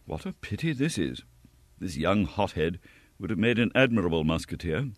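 A man voicing a composed middle-aged gentleman who speaks quietly with amused contempt. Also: lowish voice, sing-song, normal speed, no echo. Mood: contemptuous.

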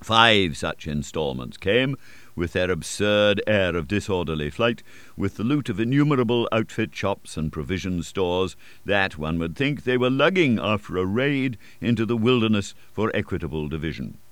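A man narrating a classic novel as an audiobook, reading expressively with wide swings in pitch and loudness. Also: lively intonation, moderate pace, dry recording.

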